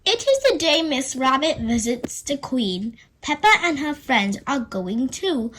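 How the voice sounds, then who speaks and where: A woman reading a children's storybook aloud, with a high voice that bounces animatedly. She takes her time and chats with her young listeners between pages. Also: very animated, unhurried, few pauses, a bit bright, a little hiss or hum, rough recording. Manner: chatty, asides to young listeners.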